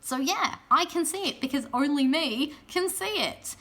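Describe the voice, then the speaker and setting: A young woman giving chatty, casual advice in a vlog, often checking in with "yeah?" and filling pauses with "um". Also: high-pitched, animated, a bit bright, a little hiss or hum. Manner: chatty, frequent "yeah?" tag questions and ums. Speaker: pole and aerial competition vlogger.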